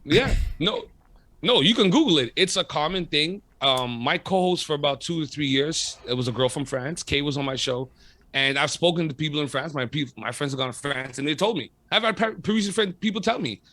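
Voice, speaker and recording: Guy radio host, high-ish bright voice, swears a lot, fired up, dry close sound. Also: a little fast, no echo. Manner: animated, profane, emphatic storytelling. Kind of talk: casual interview chat.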